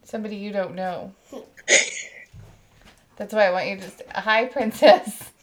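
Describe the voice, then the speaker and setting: A woman's voice: mid-range voice, fairly even intonation, normal speed, a little hiss or hum. A woman hosting a podcast in casual chat, frank and a bit crude, laughing often. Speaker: podcast host and mother.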